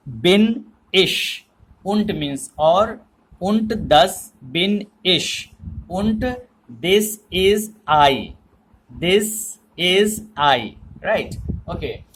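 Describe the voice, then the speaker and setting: Slow, careful man teaching German. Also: on the high side, fairly bright tone, slight background noise, rough recording. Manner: slow, repetitive explanations with frequent "okay". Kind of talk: language lesson.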